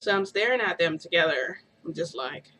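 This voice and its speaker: A woman's voice: fairly low pitch, expressive, moderate pace, pushed and bright, rough recording. A woman vlogger telling a story in a rambling, casual way, full of "like" and "um".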